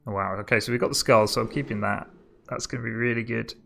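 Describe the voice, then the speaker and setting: A man's voice: medium pitch, fairly even intonation, quick pace, vocal fry, a bit bright. A man giving casual commentary on his own card game as he plays, thinking aloud and chuckling often.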